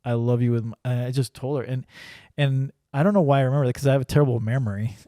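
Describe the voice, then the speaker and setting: Earnest man with a dark, mellow voice. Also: medium pitch, steady tone, fast, no echo, clean studio sound. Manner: earnest, storytelling, frequent restarts. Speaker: ranch crew member sharing testimony. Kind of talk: casual faith conversation.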